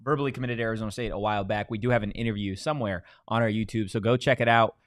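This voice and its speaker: A man hosting a sports show, giving news updates and chatting in a relaxed, conversational way. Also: on the low side, rapid-fire, no echo, clean studio sound. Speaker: sports podcast host. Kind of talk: casual sports talk.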